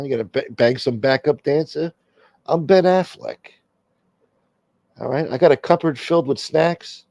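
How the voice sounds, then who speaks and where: A weary movie star in his fifties, pleading and sarcastic with his wife, as a man puts him on. The voice is gravelly and low-key, and it sounds dry and close. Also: warm tone, dry recording, dull audio. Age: 50s.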